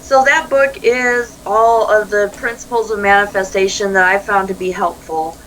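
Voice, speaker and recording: A woman talks through an interview in a bright, forward voice. She tells her stories animatedly, slipping into quoted dialogue and laughing easily. There is a faint hiss of noise in the background. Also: medium pitch, steady tone, moderate pace, low-quality recording. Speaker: life coach, interview guest. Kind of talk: conversational interview.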